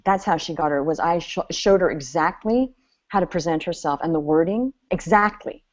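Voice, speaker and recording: A woman business coach running an online seminar, animated and chatty, laughing often as she talks. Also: on the low side, moderate pace. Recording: slightly dull lo-fi audio.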